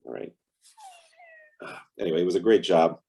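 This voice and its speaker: A deep-voiced man with a slightly husky tone chats on a video call. He tells anecdotes in a relaxed, lively way, often slipping into quoted dialogue. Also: moderate pace. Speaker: actor guest. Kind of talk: casual interview storytelling.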